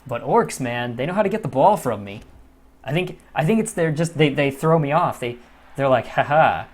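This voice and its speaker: A man giving casual let's-play commentary as a gaming channel host, swearing freely and moving from low muttering to frustrated outbursts. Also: expressive, moderate pace.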